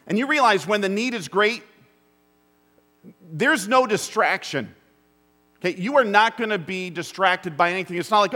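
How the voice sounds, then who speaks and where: A middle-aged man preaching a sermon, telling a story that drops to hushed asides and rises to urgent bursts. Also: high-pitched, expressive, moderate pace. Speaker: pastor. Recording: long hall reverb.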